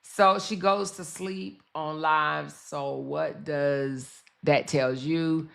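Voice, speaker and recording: A woman's voice: low-pitched, extremely slow, vocal fry. A woman hosting a casual livestream, talking animatedly straight to her chat and laughing often as she comments. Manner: chatty, animated, talks to her chat directly.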